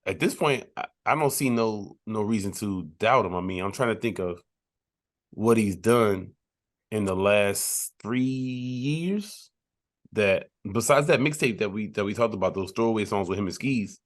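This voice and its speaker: A man co-hosting a music podcast, talking in a relaxed, rambling way with frequent restarts. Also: fairly low pitch, a little slow. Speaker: podcast co-host. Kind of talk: casual chat.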